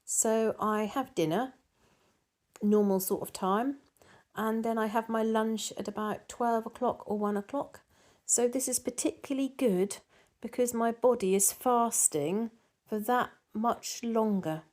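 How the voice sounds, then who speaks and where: A woman's voice: fairly high pitch, unhurried, a little mellow. A middle-aged woman chatting casually to camera as a vlogger, reading out viewer comments in a rambling way with frequent ums and restarts.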